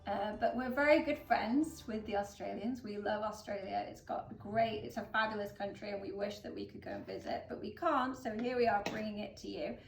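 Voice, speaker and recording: A woman's voice: mid-range voice, fairly quick, vocal fry, hardly any pauses. Chatty woman in an echoey room. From England. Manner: chatty, upbeat, explaining with many fillers. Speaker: florist host. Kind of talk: casual flower-arranging demonstration. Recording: roomy echo, mic at a distance, faint background music.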